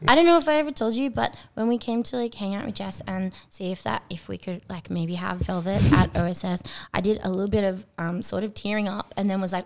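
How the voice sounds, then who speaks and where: A woman's voice: mid-range voice, fairly even intonation, fairly quick, creaky, few pauses. A woman guest who runs events, telling giggly stories in a casual podcast chat.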